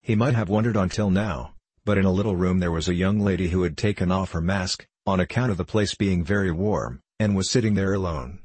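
A jovial older locksmith with a deep, husky voice, read by a man. He teases and spins a story in good humour. The voice sounds dry and close. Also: fairly quick, few pauses, darkish tone, no room sound. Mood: amused. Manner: hearty, teasing storyteller.

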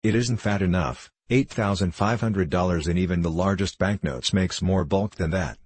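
A man's voice: low-pitched, moderate pace, a little mellow, husky, no echo. A man voicing a weary, timid male bank cashier who speaks in a hesitant, worried way in an audiobook.

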